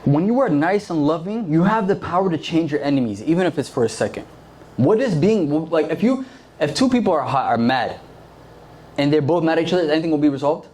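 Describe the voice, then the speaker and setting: A man's voice: fairly high pitch, lively intonation, brisk, darkish tone. A young man giving a casual, conversational sermon to a youth group, full of fillers and acted-out quotes. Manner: conversational, filler-heavy, acts out quoted voices. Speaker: youth preacher.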